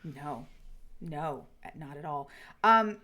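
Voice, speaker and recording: A woman co-hosting a podcast, chatting casually and retelling scenes with animated quoted lines. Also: low-pitched, takes it slowly. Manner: animated retelling with quoted voices, frequent swearing. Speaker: podcast co-host. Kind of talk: casual chat.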